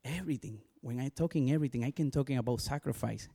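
Pastor with a strong Spanish accent. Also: male voice, mid-range voice, fast, gravelly, breathy edge. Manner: animated storytelling, full of "you know" asides. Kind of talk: personal testimony sermon.

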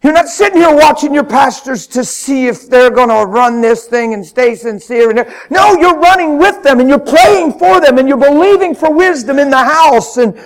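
Man, preacher, very high voice, spontaneous sermon, fervent, emphatic, repetitive phrasing, bursts of shouting, church, pulpit mic. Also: lively intonation, moderate pace, few pauses. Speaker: traveling preacher. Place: church hall with congregation.

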